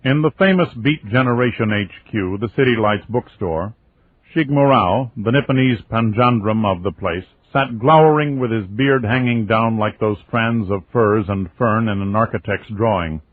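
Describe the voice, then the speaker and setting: A man reading a first-person novel aloud as an audiobook, in a steady, wry storytelling manner. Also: on the low side, normal speed. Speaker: audiobook narrator. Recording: tinny lo-fi phone-like audio.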